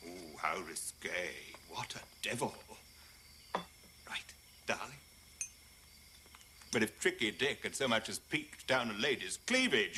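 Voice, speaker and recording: A man's voice: medium pitch, sharp tone, slight background noise. An actor playing a wealthy dinner host who mocks his guests in a sardonic rant. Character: scornful wealthy male host, bullying and sarcastic. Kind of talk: film drama acting.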